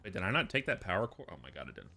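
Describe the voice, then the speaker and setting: A man streaming a video game, chatting casually, excitable and exclamatory, swearing often. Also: low-pitched, very fast, vocal fry, a little hiss or hum. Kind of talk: casual gameplay chat.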